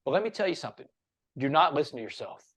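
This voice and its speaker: A man's voice: on the high side, sing-song, rapid-fire, a bit bright, slightly rough. A man, a motivational speaker and podcast guest, talking in an earnest, emphatic, preachy way. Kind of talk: casual interview chat.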